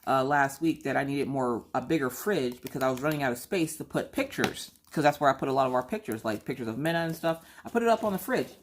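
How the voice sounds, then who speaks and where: A middle-aged woman rambling casually on her vlog, chatty and animated, acting out what she and her kids said. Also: very deep voice, fast talker, hardly any pauses, slight background noise. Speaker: vlogger.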